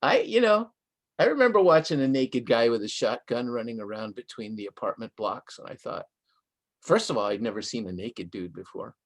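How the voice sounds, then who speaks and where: An older man from Southern California, a guest author, telling a story in a relaxed, conversational way and slipping Spanish phrases into his English, with laughs along the way. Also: medium pitch, moderate pace. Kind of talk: conversational storytelling in a live online interview.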